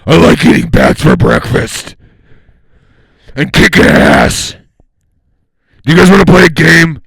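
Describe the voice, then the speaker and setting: A man putting on a gruff male superhero vigilante voice, loud and growled. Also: fairly high pitch, huge pitch swings, unhurried, no echo, clean studio sound, full character voice. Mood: growling.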